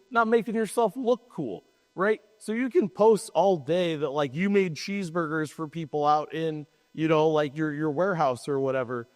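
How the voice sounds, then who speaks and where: A man with a fairly high voice talks fast and jokes at a live panel. His sarcastic asides ring out in a big hall with a long reverb. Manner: quick, joking, sarcastic asides. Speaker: podcast co-host. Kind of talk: casual panel talk. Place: hall at a trade show.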